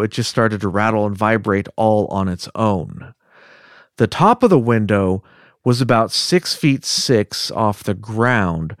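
A man co-hosting a podcast, telling a story in a relaxed, chatty way with joking asides. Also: lowish voice, no echo, studio quality. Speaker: podcast co-host. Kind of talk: casual storytelling narration.

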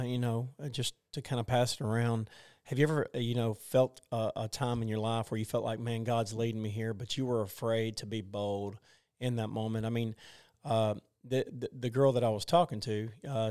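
Hesitant man in his forties, smooth voice. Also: medium pitch, steady tone, darkish tone, no echo, clean studio sound. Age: 40s. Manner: halting, many fillers and restarts. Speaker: group discussion member. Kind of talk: casual faith discussion.

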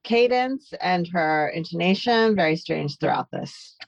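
A woman's voice: lowish voice, animated, measured pace, no echo, dull audio. A woman co-hosting a podcast, giving short, thoughtful reactions in casual chat. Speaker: podcast co-host.

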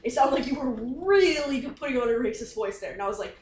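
A woman's voice: on the high side, animated, fairly quick, a little mellow, a little hiss or hum. A woman playing a tabletop game, chatting in a blunt, laughing way. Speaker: player. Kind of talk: casual chat. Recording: echoey room, off mic.

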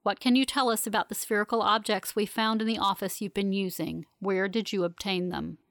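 A woman voicing a quiet, gruff man whose voice borders on a growl. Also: medium pitch, steady tone, a little fast, no echo, clean studio sound.

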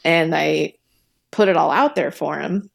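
Low-voiced young woman, podcast guest, open and chatty, quick to laugh. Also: creaky. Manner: open and talkative, laughs between sentences. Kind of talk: candid personal conversation.

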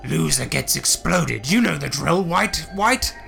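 A man narrating a tabletop game as game master, playful and excitable. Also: a little high, unhurried, vocal fry, soft background music.

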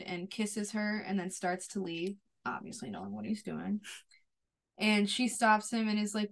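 A woman co-host talks through a TV episode in a relaxed, chatty way. Her voice sits at a middling pitch, and she strings scenes together in long runs that fade off softly at the ends. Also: normal speed. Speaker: podcast co-host. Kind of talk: casual chat recapping a TV episode.

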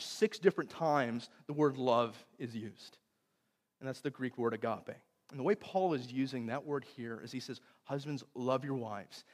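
Young pastor preaching in a reverberant hall. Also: male voice, on the high side. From Texas. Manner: storytelling, animated with swings from loud to hushed. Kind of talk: sermon.

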